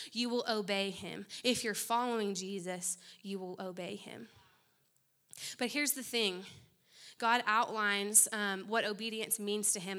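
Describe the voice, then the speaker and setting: A woman's voice: medium pitch, pushed and bright. A young adult woman giving a conversational youth sermon, direct and urgent, with playful asides and mock-voiced quotes. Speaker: guest speaker. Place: room full of young people.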